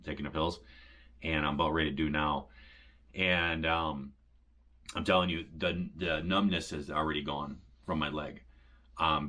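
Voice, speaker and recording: Very deep-voiced man rambling casually. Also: pushed and bright. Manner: rambling, repeats "and stuff" and "he says", retells conversations. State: recovering from back surgery, occasional pain when coughing. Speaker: homestead vlogger. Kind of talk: casual rambling update to viewers.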